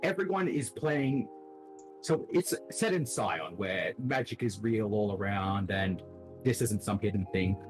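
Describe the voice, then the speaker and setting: A man's voice: lowish voice, a little slow, poor audio. Guy gm explaining rules, voice bouncing up and down, bit of music under it. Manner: lively, explanatory. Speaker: game master. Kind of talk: casual chat explaining a game.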